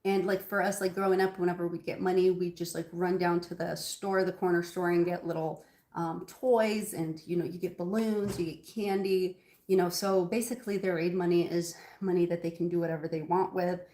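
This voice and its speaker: A woman's voice: fairly low pitch, steady tone, brisk, warm tone, reverberant. A woman hosting a casual cooking livestream from her home kitchen, chatting with viewers in a rambling way with lots of ums. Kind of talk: casual live cooking chat.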